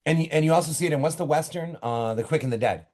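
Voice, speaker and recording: A middle-aged male author, appearing as an interview guest, talks casually from his home office. He tells stories animatedly, full of quick asides and restarts, in a voice that's a little high.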